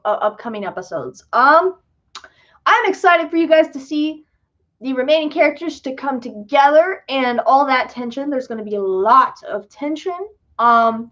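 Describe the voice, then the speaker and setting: A woman's voice: high voice, a bit bright. A young woman hosting a casual livestream Q&A, chatty and self-deprecating, with lots of fillers and laughs. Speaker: livestream host and filmmaker. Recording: dull lo-fi sound.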